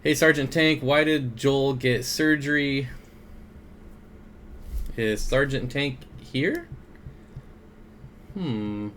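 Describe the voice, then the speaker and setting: A man's voice: medium pitch, very slow, pauses often, fairly bright tone, a little hiss or hum. A young man hosting a casual aquarium livestream, greeting viewers by name and reading their comments with frequent chuckles. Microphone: desk mic.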